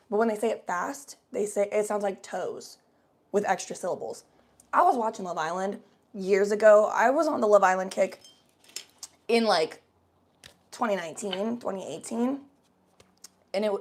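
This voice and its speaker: A young woman from the United States, hosting a casual livestream and chatting loosely and playfully with viewers, with lots of fillers. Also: medium pitch. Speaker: livestream host. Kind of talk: casual livestream chat, reading viewer comments aloud.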